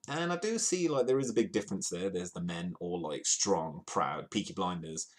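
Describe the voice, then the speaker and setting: A low-pitched man from the UK hosts a live comedy news stream. He talks in a playful, rambling way and pokes fun at himself as he goes. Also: lively intonation, normal speed. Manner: playful, rambling, self-mocking. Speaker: host of a comedy news show.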